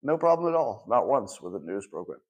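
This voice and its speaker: A man's voice: lowish voice, sing-song, fairly quick, dull audio. A man in his sixties hosting his own show, talking casually and sarcastically in rhetorical questions. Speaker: host. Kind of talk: casual solo commentary.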